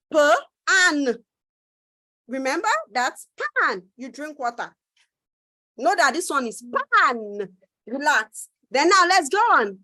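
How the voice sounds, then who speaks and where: A woman teaching children phonics in an online class, cheerful and coaxing, repeating words slowly for them to echo. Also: very high-pitched, bright, forceful tone. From Nigeria. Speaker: reading teacher. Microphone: close mic in a virtual class.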